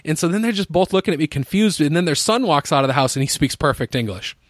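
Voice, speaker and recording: Man, young, rambling and cursing, slightly high voice, dry close sound. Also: expressive, quick pace, no room sound. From United States. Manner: rambling, profane, laughs often. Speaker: podcast co-host. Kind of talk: casual storytelling chat.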